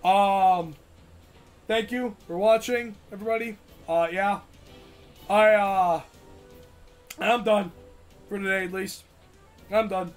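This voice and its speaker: A man's voice: high voice, steady tone, slow, pauses often, soft background music. A young man live-streaming a game, frustrated, swearing, and talking both to himself and to his chat. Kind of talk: live gameplay commentary.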